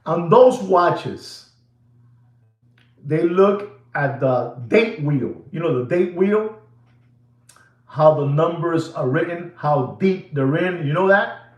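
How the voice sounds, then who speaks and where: Excitable man with a lively high voice. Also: slow. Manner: excitable, theatrical, slips into Spanish asides. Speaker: watch channel host. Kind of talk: animated rant to viewers. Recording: roomy echo.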